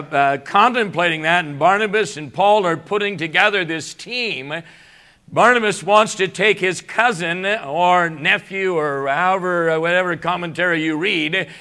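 A man preaching live in a church, his voice high, bright and smooth though still in its morning voice. He halts often with fillers, then presses his points with force. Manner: halting, many uh fillers, rising to emphatic preaching. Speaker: guest pastor. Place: church sanctuary.

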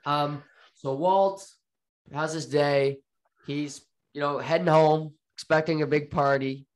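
A man's voice: a little high, steady tone, takes it slowly. A man co-hosting a casual podcast, retelling a TV episode in an easygoing storytelling way. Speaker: podcast co-host. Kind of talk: casual chat recapping a TV episode.

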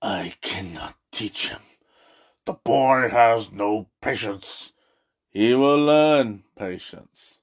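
Guy doing a wise old alien master, low and super slow, cryptic, little hums in between, rough impression. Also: heavily acted. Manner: slow, low, deliberately hesitant delivery with grunted hums. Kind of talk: movie impression in a review.

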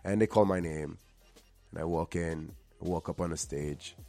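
With a deep, warm voice at a measured pace over soft background music, a Trinidad and Tobago-born actor hosts his show in the LA area. His monologue is earnest and motivational, built on personal stories, and he repeats the odd word when emphasizing a point.

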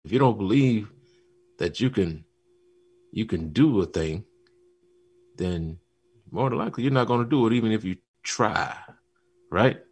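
A man co-hosting a casual talk show, telling a story with animated retellings and acted-out lines. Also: lowish voice, measured pace, long pauses, breathy edge. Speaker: podcast co-host. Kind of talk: casual chat.

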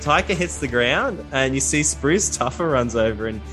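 A man's voice: mid-range voice, expressive, moderate pace. A man narrating a tabletop game as game master in a middle-range voice. He talks loosely, full of fillers and swearing, and laughs easily. Faint music runs underneath.

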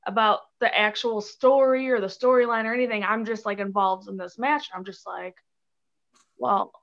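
A woman's voice: mid-range voice, steady tone, fairly quick, fairly bright tone, highs cut off. A woman from the Chicago area, chatting casually as a podcast guest, with lots of fillers and giggles. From Chicago area, USA. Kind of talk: casual interview chat.

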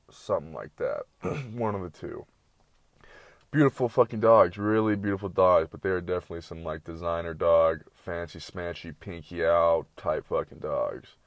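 A man's voice: low-pitched, dry recording. A young man telling rambling, profane stories in a slangy, casual late-night monologue full of tangents.

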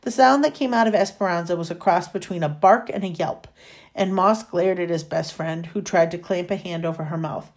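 A woman reading a novel chapter aloud in a steady storytelling manner. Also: lowish voice, brisk. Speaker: reader.

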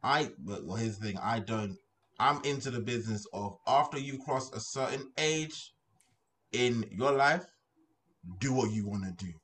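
A man's voice: mid-range voice, moderate pace, fairly bright tone. A young man co-hosting a podcast, arguing his points bluntly in casual chat. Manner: blunt, argumentative. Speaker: podcast co-host.

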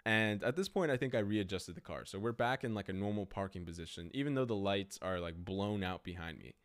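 Young male podcast host with a low, animated voice, spinning a rambling casual story full of fillers. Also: a little fast. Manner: rambling, animated, heavy use of "like".

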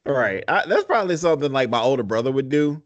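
A man's voice: mid-range voice, very animated, fast talker, no room sound, lo-fi sound. A man hosting a mental health podcast, talking casually with lots of fillers and the odd curse. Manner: rambling, laid-back, lots of fillers and casual cursing.

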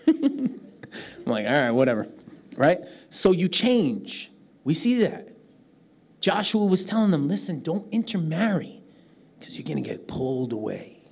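A man from New York City with a clear New York accent preaches a lively sermon. His voice sits a little high for a man, and he keeps breaking into laughter as he acts out the voices of people he quotes. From New York City, United States. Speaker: pastor.

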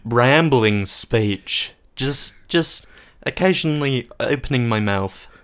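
A man in a comedy panel game, teasing the other player in a dry, deadpan way. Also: medium pitch, slow pace, clean tone. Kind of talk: comedic bluffing game chat.

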